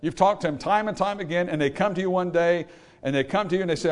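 A male pastor preaching a sermon, swinging from quiet explanation to loud emphatic calls to the congregation. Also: high voice, fast.

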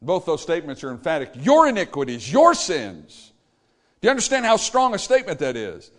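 A man's voice: a little high, wildly swooping pitch, fairly quick, fairly bright tone. A man preaching a sermon in an emphatic, repetitive cadence, stressing each phrase in turn. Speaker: pastor.

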